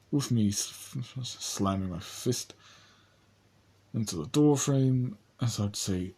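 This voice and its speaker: A young man casually narrating a homemade first-person story, rambling and halting, speaking his own character's lines. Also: fairly low pitch, a little mellow, breathy edge.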